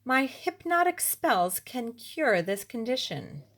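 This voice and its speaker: A woman's voice: on the high side, very animated, slow pace, fairly bright tone, heavily acted. A woman doing a showy, grand stage magician. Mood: grandiose. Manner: grand, theatrical announcing. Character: showy mustached male magician. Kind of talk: storybook read-aloud.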